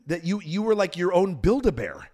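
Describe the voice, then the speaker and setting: A man hosting a podcast, teasing his guest and telling animated stories in casual chat. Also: high-pitched, normal speed, breathy edge. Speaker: podcast host.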